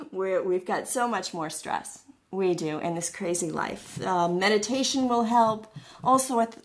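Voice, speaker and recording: Chatty woman teaching with analogies. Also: lowish voice. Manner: chatty, acts out little voices in her analogies. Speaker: wellness educator. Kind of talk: explanatory lecture with analogies.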